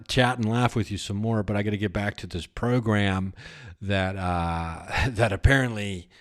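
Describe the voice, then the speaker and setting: A man hosting a podcast in a rambling, improvised comic monologue, often breaking into giggles and chatting to imaginary characters. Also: fairly low pitch. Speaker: podcast host.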